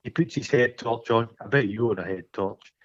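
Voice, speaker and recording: Scottish man, podcast co-host, crude jokey film chat, average pitch, slightly dull lo-fi sound. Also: moderate pace. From Scotland.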